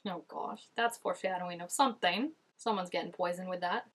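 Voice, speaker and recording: A woman with a fairly low voice speaks briskly as host of a reaction video. She chats casually about the scenes she's watching, filling her talk with "like."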